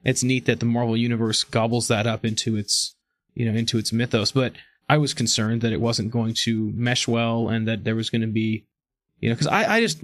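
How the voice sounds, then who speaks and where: A man's voice: medium pitch, no room sound. Enthusiastic rambling man. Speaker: podcast co-host. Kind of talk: casual chat.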